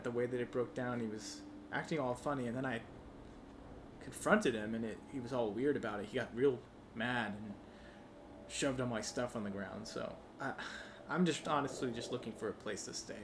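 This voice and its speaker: A man plays through a solo tabletop adventure, reading the text aloud and speaking as his character. He sounds hesitant and amused with himself, in a plain mid-pitched voice, over steady background noise. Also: moderate pace. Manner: hesitant, self-amused, with restarts. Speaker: solo tabletop game player. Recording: noisy home recording.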